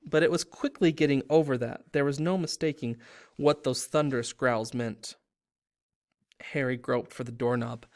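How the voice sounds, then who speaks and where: A man's voice: mid-range voice, moderate pace, darkish tone. A man hosting a read-aloud video, reading a novel aloud with dramatic pacing.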